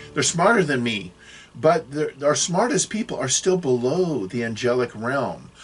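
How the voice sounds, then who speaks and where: A man in his sixties giving a rambling video lecture, often losing his thread and apologizing. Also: medium pitch. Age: 60s. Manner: rambling, self-correcting, apologetic asides. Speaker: religious video teacher.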